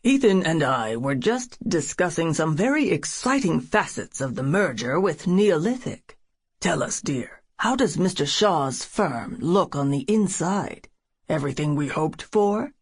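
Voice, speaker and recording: A woman's voice: deep voice, very animated, measured pace, breathy edge, full character voice. Woman playing a stern businessman father. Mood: coaxing. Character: stern businessman father, middle-aged, controlling. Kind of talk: audiobook character voice.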